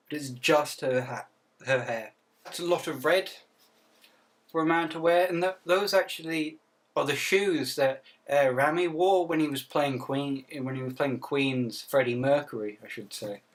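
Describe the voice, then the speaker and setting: A man, delivering deadpan quips about outfits with sudden mock outbursts as a comedy vlogger. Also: on the high side, recorded from a distance. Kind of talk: jokey outfit commentary.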